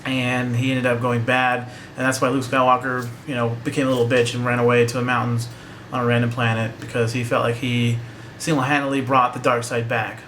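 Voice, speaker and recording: A man's voice: mid-range voice, flat delivery, a little fast, hardly any pauses, fairly bright tone, slight background noise. A young man giving a casual, joking, profane movie review that rambles along.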